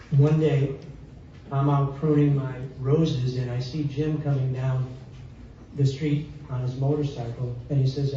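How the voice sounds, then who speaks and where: A songwriter who also serves as a society president chats to a live audience in a community hall between songs, spinning rambling anecdotes full of fillers and asides to the crowd. His voice is mid-range and mellow. The sound is distant, echoey and dull, with a bit of hiss or hum.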